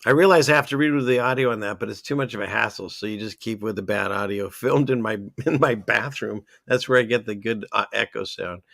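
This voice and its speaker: A man hosting his own commentary show with a gravelly, bright edge, rambling along and scoffing at what he reads. His mid-pitched voice sits close and dry on the mic. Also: a little fast, hardly any pauses, no room sound. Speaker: podcast host. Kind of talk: casual commentary.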